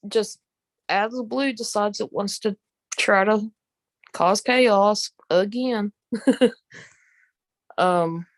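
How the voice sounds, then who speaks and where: A woman with a Southern US accent, chatting casually on a live stream, rambling with many pauses and ums while greeting viewers. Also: mid-range voice, dry recording. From Southern United States. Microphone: phone.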